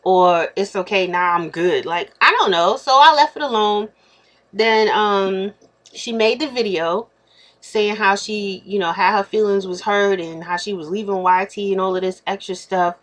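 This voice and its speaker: A woman's voice: mid-range voice, normal speed. A woman in her thirties speaks on a casual vlog, laying out her side of a dispute. She is blunt and straightforward, and she acts out the quoted exchanges as the story unfolds. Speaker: YouTuber.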